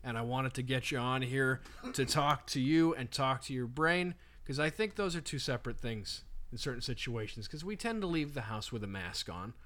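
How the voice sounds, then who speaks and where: A man co-hosting a comedy podcast, jokey and quick to laugh, building on bits. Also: mid-range voice, animated, fairly bright tone. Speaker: podcast co-host. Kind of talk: casual podcast banter.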